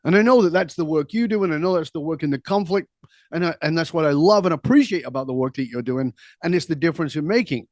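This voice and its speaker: A middle-aged man speaking as an interview guest, his voice sitting a little higher than most men's. He tells his stories with animated energy, quick asides and easy laughter. The sound is dry and close, with no room echo. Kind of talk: conversational storytelling.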